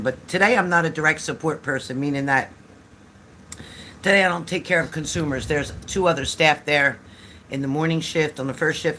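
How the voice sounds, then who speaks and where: An older man chats on a home livestream in a somewhat high voice. He rambles and repeats phrases, laughing often as he tells his stories. A faint hum of noise sits under his webcam sound. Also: bright, forceful tone. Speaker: livestream host. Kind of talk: casual livestream chat. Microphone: phone or webcam.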